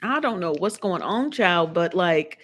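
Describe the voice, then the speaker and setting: A woman's voice: on the low side, lively intonation, a little slow. A woman hosting a live stream, chatting casually about news and gossip, often repeating herself and laughing. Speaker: live show host.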